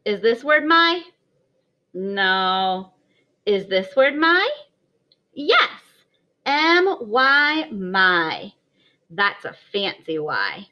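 A woman's voice: mid-range voice, very animated, extremely slow. A woman teaching a kindergarten writing lesson in a sing-song, encouraging voice for small children. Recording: slightly dull lo-fi audio.

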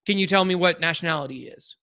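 A man's voice: fairly high pitch, rapid-fire, vocal fry, sharp tone, clean tone. A man co-hosting a podcast in casual chat, rambling and joking with lots of restarts and fillers. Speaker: podcast co-host.

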